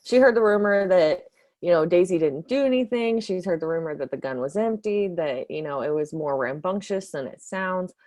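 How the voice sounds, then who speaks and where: A woman with a notably low voice plays a tabletop horror game, talking through her character in a loose, rambling way, full of fillers. The sound is dry and close. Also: animated, normal speed, darkish tone, no echo. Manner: rambling, filler-heavy, casual. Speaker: player. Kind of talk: tabletop role-play, describing her character.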